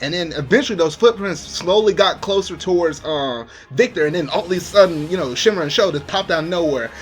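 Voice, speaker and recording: A man's voice: a little high, a little fast. A man casually reviewing an anime episode, rambling with many fillers.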